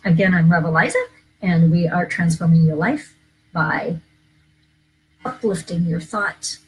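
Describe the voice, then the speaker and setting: A woman's voice: on the low side, measured pace, breathy edge, rough recording. A woman minister hosting a live inspirational talk, earnest and coaching, repeating key phrases to her viewers. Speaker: minister and live show host.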